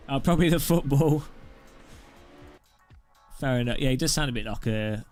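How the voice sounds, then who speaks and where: A man's voice: medium pitch, moderate pace, pauses often, a little mellow, faint music behind. A man giving casual, jokey commentary over his sim racing gameplay and laughing often.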